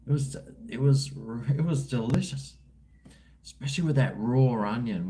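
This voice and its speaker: A man's voice: mid-range voice, normal speed, dark tone. A middle-aged Australian man chatting casually on a livestream, rambling and slangy with a drawling voice. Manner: laid-back, rambling, slangy. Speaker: livestream host. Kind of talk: casual livestream chat reading comments.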